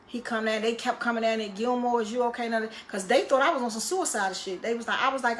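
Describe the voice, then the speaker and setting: Woman ranting thru a prison story, cussing a lot, kinda high voice, does all the voices herself. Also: fast talker, hardly any pauses. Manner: profane, animated, acts out quoted dialogue. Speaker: storyteller recounting prison life. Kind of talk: casual storytelling monologue.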